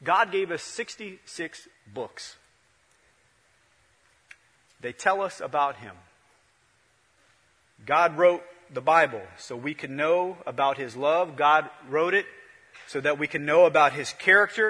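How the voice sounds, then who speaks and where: Male pastor, sermon delivery, bright and husky, rising and dropping volume, long church reverb. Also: fairly high pitch, animated, unhurried. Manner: swings from loud to hushed, repetitive preaching cadence.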